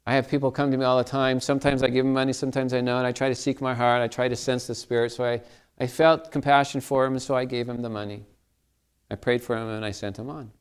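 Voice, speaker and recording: Smooth-voiced male pastor preaching. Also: mid-range voice, little pitch movement, fast talker. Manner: conversational storytelling, asks the listeners questions. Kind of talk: sermon.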